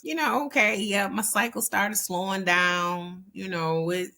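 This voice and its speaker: A woman in her fifties hosting a podcast, telling personal stories in an animated, chatty way and laughing along. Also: medium pitch, a little slow. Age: 50s. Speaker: podcast host. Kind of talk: casual storytelling monologue.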